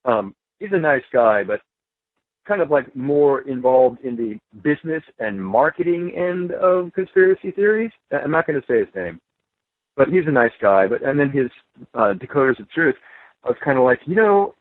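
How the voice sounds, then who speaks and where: A man's voice: medium pitch, animated, moderate pace, dry recording. Man on a phone line, emphatic, laughs between points, dry tinny sound. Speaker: guest author. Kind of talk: animated podcast conversation.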